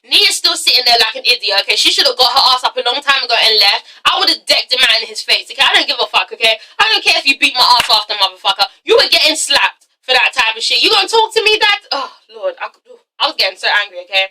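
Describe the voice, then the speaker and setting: Sassy high-voiced woman reviewer. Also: big pitch swings, fast, hardly any pauses, bright, forceful tone, distant mic, low-quality recording. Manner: sassy, frequent "okay?" asides, swearing. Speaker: reviewer, channel host. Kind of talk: casual profane TV-recap vlog.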